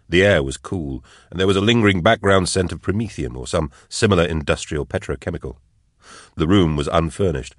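A man narrating an audiobook chapter in measured, even storytelling. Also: rumbling low, no room sound, clean studio sound. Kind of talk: scripted narration.

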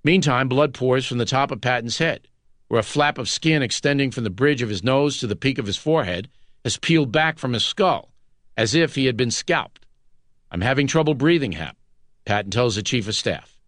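A man narrating a nonfiction audiobook in a measured, dramatic scripted read. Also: mid-range voice, fairly bright tone, no echo, clean studio sound.

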